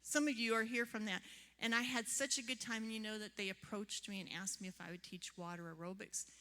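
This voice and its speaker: A woman's voice: medium pitch, steady tone, a little fast, bright, forceful tone. A woman therapist giving a seminar talk to a live audience, telling chatty stories and asking the room questions. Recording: long hall reverb.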